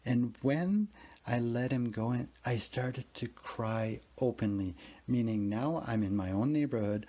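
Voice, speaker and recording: A man's voice: mid-range voice, a little slow, dark tone. A man hosting a podcast, telling a rambling, earnest personal story full of emotion and casual swearing. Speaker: podcast host.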